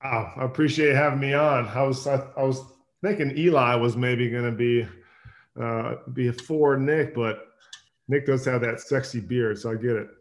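A relaxed male guest from Minnesota in his thirties, speaking in an ordinary mid-range voice. He talks easily and lets phrases fade off quietly at the end. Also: mid-range voice, moderate pace. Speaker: guest, former football player. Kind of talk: casual interview chat.

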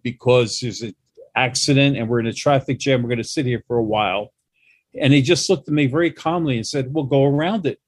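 A man, a guest on a travel talk show, telling animated stories about driving with quoted back-and-forth. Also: mid-range voice, dry recording. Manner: animated anecdotes with quoted dialogue. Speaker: guest, New York travel expert. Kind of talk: casual storytelling chat.

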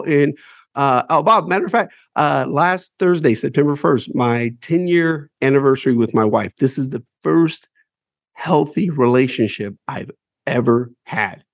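A man who runs a publishing company tells his life story as a guest in a casual interview, his medium-pitched voice showing vocal fry on a dry recording. He is candid and emphatic, swears freely, and repeats words as he builds each point.

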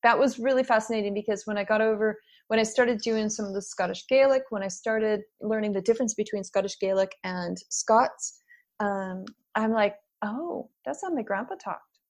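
A middle-aged woman being interviewed as an author, chatting in a lively, storytelling way and laughing often. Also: mid-range voice, moderate pace. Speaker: guest author. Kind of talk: casual interview chat.

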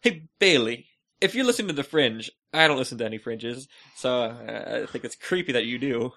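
A man co-hosting a podcast, telling rambling stories with jokey, deadpan asides in casual chat. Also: mid-range voice, brisk, vocal fry. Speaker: podcast co-host.

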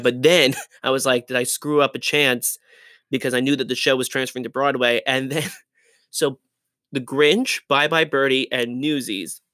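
Young guy chatting in an interview, lively storyteller, laughs easy, close dry sound. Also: mid-range voice, no echo. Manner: animated, laughs often, restarts and trails off mid-sentence. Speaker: guest, Broadway dancer and actor.

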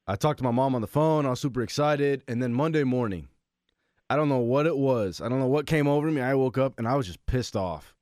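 A man co-hosting a sports chat podcast, spinning an animated yarn about rivalry week. His voice sits at a middle pitch and sounds close and dry on the mic. He acts out his own lines as he goes. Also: no room sound. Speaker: podcast co-host, former college football player.

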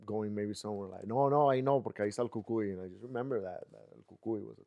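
Low, fast-talking Mexican-American guy. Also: gravelly, highs cut off. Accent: Mexican-American English. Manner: relaxed, drifting, full of fillers. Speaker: podcast co-host. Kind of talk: casual chat.

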